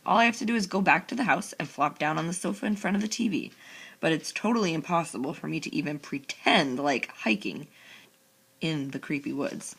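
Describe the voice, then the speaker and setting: A woman reading a first-person children's novel aloud with a sarcastic, expressive delivery. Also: sits low, breathy edge. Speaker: audiobook narrator. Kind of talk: first-person audiobook narration.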